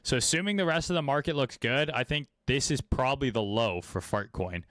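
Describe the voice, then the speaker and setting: A man's voice: mid-range voice, fairly quick, fairly bright tone, dry recording, clean studio sound. A man giving casual, profane, laid-back commentary on trading charts during a livestream, with many fillers. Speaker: trading streamer.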